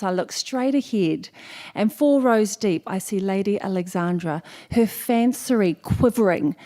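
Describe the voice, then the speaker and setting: A New Zealand woman poet telling a story and performing a poem at a festival stage, playful and animated, acting out the dialogue. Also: mid-range voice, normal speed. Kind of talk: live storytelling and poetry performance. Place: festival stage before an audience.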